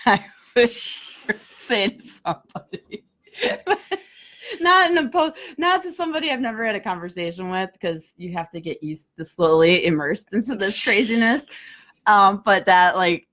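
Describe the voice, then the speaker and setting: A woman in her thirties co-hosting a casual chat, chatty and quick to laugh. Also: on the low side, animated, a bit bright. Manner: chatty, reads dating messages aloud with laughs. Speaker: podcast co-host.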